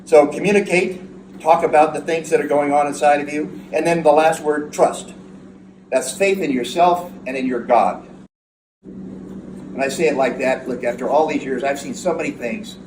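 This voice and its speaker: An older man, a psychotherapist, giving an earnest, emphatic speech to an audience and often repeating words. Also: mid-range voice. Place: hall at a veterans' event. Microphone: far from the mic. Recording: echoey room from far off with audience noise.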